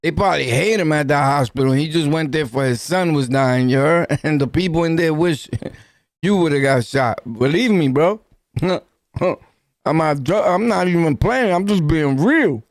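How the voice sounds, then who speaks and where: A man with a New York accent reacts to a clip in slow, drawn-out speech and a gravelly fry, tossing out street-slang jokes and laughing between lines. His voice sits a touch high, and the sound is dry and close. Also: no room sound. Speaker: podcast host reacting to a video. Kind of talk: casual reaction commentary.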